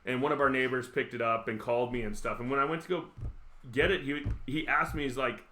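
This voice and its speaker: A man's voice: mid-range voice, fast talker, reverberant, slight background noise. A man hosting a casual group chat, telling stories playfully. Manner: playful, animated storyteller. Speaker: podcast host.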